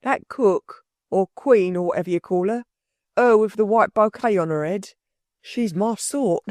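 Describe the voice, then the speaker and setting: A woman's voice: mid-range voice, a little slow, darkish tone, no room sound, clean studio sound, close to an everyday voice. A woman voicing a bewildered burglar. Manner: slangy, rambling working-class talk. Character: rough-spoken male London burglar, bewildered, meek.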